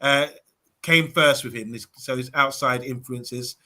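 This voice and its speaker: Speaking a little slowly in a medium-pitched, pushed and bright voice, a man chats casually on a live fan stream. He reads out viewers' comments, filling his delivery with plenty of ums and uhs.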